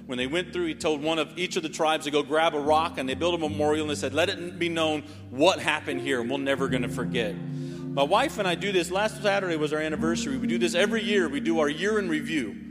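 A preacher in his forties from North Carolina gives a sermon testimony in a church sanctuary, his slightly high voice moving fast over background music. He tells his story in an animated way, peppering it with "right?". The recording carries a long hall reverb.

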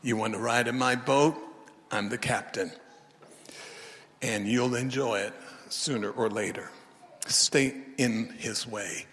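A male bishop preaching a sermon, animated in his storytelling, with big swings in pitch and loudness. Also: slow, long pauses. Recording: long reverb of a large hall.

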